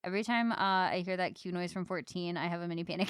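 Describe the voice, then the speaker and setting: Woman streamer, casual chat while drawing; crisp, clean voice, loud excitable reactions. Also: lowish voice, quick pace, few pauses, dry recording, clean studio sound. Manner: chatty, reacts loudly to chat with squeals and laughs.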